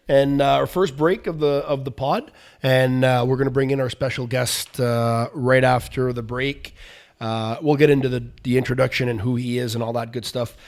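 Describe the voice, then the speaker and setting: A man co-hosting a casual hockey podcast, relaxed and full of fillers. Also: medium pitch, normal speed. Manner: relaxed, filler-heavy, frequent restarts. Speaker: podcast co-host.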